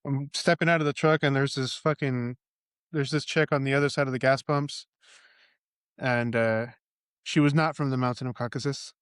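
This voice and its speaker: A man with an even, middle-pitched voice tells a road story in loose, profane podcast talk. He stumbles and restarts as he goes, recorded dry and close. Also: clear, resonant tone, no echo. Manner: casual, profane, halting restarts. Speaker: podcast guest. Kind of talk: casual storytelling.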